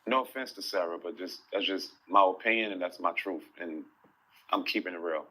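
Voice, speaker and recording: A man's voice: low voice, fairly quick, pushed and bright, low-quality recording. A man in an interview clip, speaking in a blunt, matter-of-fact way.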